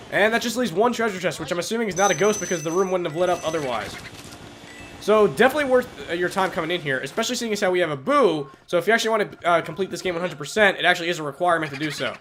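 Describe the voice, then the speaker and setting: A young man with a congested, stuffy voice from a cold, giving excitable, jokey gameplay commentary and cursing at enemies. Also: sits high, fast, a little hiss or hum. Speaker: let's play commentator.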